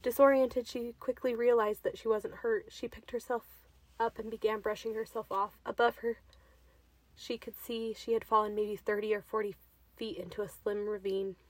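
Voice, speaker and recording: Woman, storyteller, expressive reading, fairly high pitch, dry recording. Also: normal speed, no echo.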